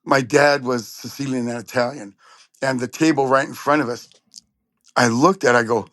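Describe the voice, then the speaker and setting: Animated storytelling man, dry sound. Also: medium pitch, moderate pace, no echo. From Southern California. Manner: animated storyteller, acts out quotes. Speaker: trumpet player guest. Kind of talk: storytelling interview.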